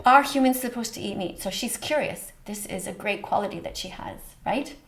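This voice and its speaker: A woman's voice: medium pitch, lively intonation, fairly quick, vocal fry, faint music behind. A woman hosting a reaction video, speaking earnestly and emotionally, with a preachy tone. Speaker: host reacting to a short film. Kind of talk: reaction commentary.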